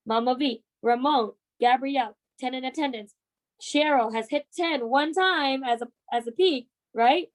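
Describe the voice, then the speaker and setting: A woman's voice: sits high, measured pace, poor audio. A woman in her twenties leading a motivational team training talk, emphatic and coaxing, often checking in with "right?". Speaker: team leader and sales trainer.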